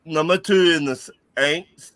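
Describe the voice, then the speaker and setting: A man's voice: on the high side, fairly bright tone, no echo. A man on a sports podcast panel who talks bluntly and jokes about rivals. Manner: blunt, slow, jokey. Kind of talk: casual sports chat.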